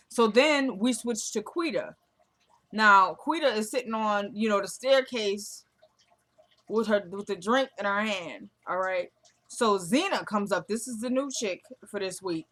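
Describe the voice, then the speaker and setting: Woman doing a tv recap, kinda high voice, acts out everybody's lines, aave flavor. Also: a bit bright. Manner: retells scenes by acting out the characters' lines. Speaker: TV recap vlogger. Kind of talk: casual episode recap.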